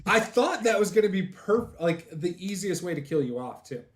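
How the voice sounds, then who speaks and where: A man's voice: high-pitched, sing-song, normal speed, a crowd in the background. A man running a tabletop game as game master, chatty and laughing often.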